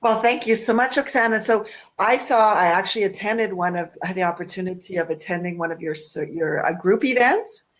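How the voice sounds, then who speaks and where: A woman's voice: mid-range voice, a little fast, rough recording. A woman hosting a local show, interviewing a guest and asking friendly follow-up questions. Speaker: show host.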